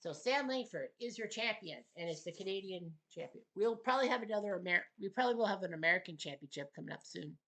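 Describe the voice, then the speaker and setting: A man's voice: high voice, animated, quick pace, hardly any pauses, bright, forceful tone. Casual male boxing recap host. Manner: offhand, chatty asides between results.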